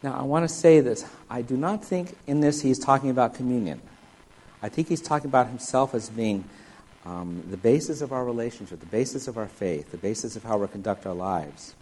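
A man's voice: medium pitch, a little fast, a little mellow, low-quality recording. A man preaching a sermon, reading scripture aloud and explaining it verse by verse. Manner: expository, reads scripture aloud then explains it. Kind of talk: sermon, Bible teaching.

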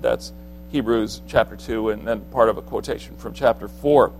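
A man's voice: fairly low pitch, moderate pace, vocal fry, a little mellow, faint music behind, rough recording. A man preaching a sermon in an earnest, conversational way, often restarting his sentences as he explains.

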